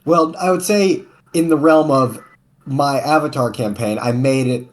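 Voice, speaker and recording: Joking player guy on a call, rambling a bit, average pitch. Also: unhurried. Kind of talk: casual chat during a game break.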